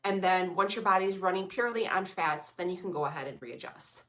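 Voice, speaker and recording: A woman's voice: fairly low pitch, lively intonation, a little fast, a bit bright. A young woman chatting casually with her live-stream viewers, sassy and blunt, full of slang and swearing. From Illinois, USA. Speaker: vlogger reading live chat.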